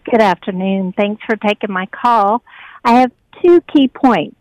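A woman's voice: medium pitch, a little slow, dry recording, low-quality recording. A woman calling in to a talk radio show, making organized, assertive points. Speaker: caller.

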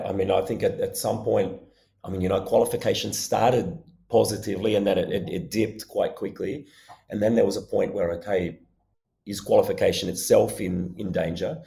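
A man interviewed as a guest journalist, his voice going hoarse, answering in a thoughtful, rambling way. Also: low-pitched, warm tone. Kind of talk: remote interview.

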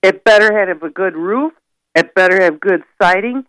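An older woman calling in to a radio show, chatting in a self-deprecating, animated way about her family. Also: mid-range voice, moderate pace, dry recording, low-quality recording. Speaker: caller. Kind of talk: casual radio chat.

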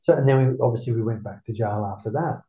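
Gravelly middle-aged Australian man, roomy. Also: fairly low pitch, fast talker. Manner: rambling, profane, peppered with "mate". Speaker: interview guest. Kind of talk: casual storytelling. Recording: roomy, dull lo-fi sound.

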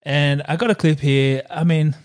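Joking around in a relaxed podcast conversation, this male co-host rambles with fillers and laughter and admits he's hungover. He sounds a little high, clear and resonant, slightly mellow, keeping a steady tone at an ordinary pace.

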